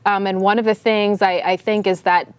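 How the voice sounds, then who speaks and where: A woman's voice: medium pitch, little pitch movement, normal speed, smooth, no echo. A woman co-hosting a talk show, chatting in a folksy, laughing way. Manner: folksy, laughing, says "y'all". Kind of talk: casual chat.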